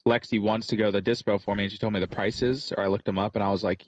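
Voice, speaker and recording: A man's voice: fairly low pitch, little pitch movement, fast talker, no echo. A young man on a casual podcast, telling a rambling, slangy story and saying "bro" constantly. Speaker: podcast co-host. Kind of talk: casual chat.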